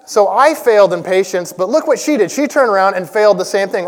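Male preacher, 40s, slightly higher voice, chatty and self-mocking, long hall reverb. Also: lively intonation, a little fast. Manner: conversational storytelling with self-deprecating humor. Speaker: church elder preaching. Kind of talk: sermon.

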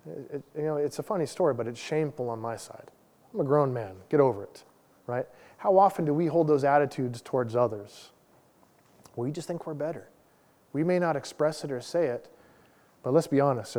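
A man's voice: mid-range voice, darkish tone. Man in his forties preaching in a hall. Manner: casual, self-deprecating storytelling. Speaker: lay pastor. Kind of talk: conversational sermon with personal story. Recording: long hall reverb.

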